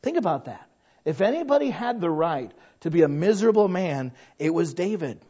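Man preaching, fairly high voice, lively storyteller, slightly dull lo-fi recording. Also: normal speed, breathy edge. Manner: animated storyteller who acts out quoted voices. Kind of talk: sermon.

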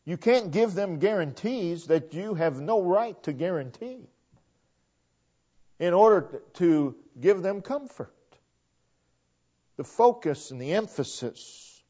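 Man preaching, slow and high, leans on every quoted line, muffled old recording. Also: darkish tone. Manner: emphatic, drawn-out delivery with frequent Bible quotations. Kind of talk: sermon. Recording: dull lo-fi sound.

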